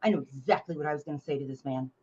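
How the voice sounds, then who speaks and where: A woman from North Carolina, a memoir author guest telling a story in a blunt, animated way and swearing freely. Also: low voice, very fast, husky, dull audio. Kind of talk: casual interview storytelling.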